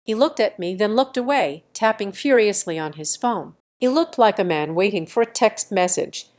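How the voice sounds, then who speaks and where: A young woman in her twenties narrating a first-person story in a calm, measured, composed way. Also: medium pitch. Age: 20s.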